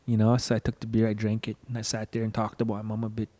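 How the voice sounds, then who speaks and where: Racing through his words with a completely flat delivery, a young man shares a personal testimony of loss as a guest, though his telling is earnest and emotional and he acts out what people said. His voice is fairly low and mellow.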